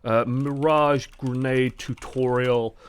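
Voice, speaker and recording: A man streaming and chatting casually about a game, animated and full of "like" fillers. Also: medium pitch, slow, clean tone. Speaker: gaming streamer. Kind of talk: casual gaming chat.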